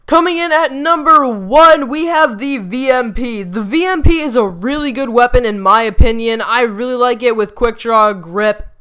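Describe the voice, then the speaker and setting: A bright, clean-sounding voice talks casually over gameplay on a desktop USB microphone. The delivery rambles, leans on fillers, repeats the same emphasis, and stumbles now and then. The tone stays smooth and crisp throughout. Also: medium pitch, moderate pace, hardly any pauses, soft background music. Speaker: gaming YouTuber.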